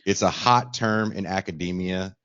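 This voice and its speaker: A man's voice: sits low, moderate pace, a bit bright, clear, resonant tone, no echo, muffled recording. A man hosting a podcast, blunt and dismissive in casual debate. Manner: blunt, dismissive one-word answers. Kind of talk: casual political discussion.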